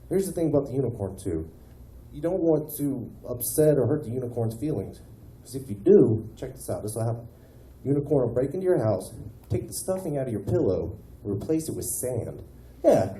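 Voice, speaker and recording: A man performing a rambling stand-up comedy set on a small club stage, telling animated stories and tossing in "man" often. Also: mid-range voice, fairly quick. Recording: echoey club room with faint ambience.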